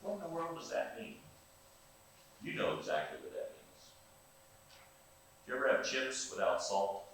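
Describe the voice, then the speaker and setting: Older man, pastor, folksy animated sermon, distant mic, heavy church echo. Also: medium pitch, normal speed, long pauses. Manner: animated, folksy, asks the congregation questions. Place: church sanctuary. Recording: very echoey church room, distant mic, faint hiss.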